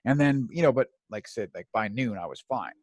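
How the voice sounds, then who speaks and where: A man's voice: medium pitch, expressive, a little fast, darkish tone. A man in his thirties, co-hosting a podcast, who tells stories in casual chat, swears often and acts out the people he quotes. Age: 30s. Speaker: podcast co-host.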